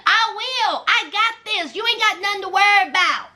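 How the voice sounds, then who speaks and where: A woman's voice: extremely high pitch, normal speed, pushed and bright, voice pushed up, heavily acted. A woman voicing a young man on house arrest who brushes off his partner's warnings. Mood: dismissive. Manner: dismissive.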